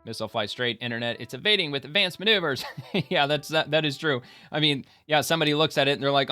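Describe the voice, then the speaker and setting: A man's voice: a little high, fast talker, bright, forceful tone, clear, resonant tone, faint music behind. A man giving casual, rambling reaction commentary, talking loosely with lots of fillers and restarts. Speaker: online commentator.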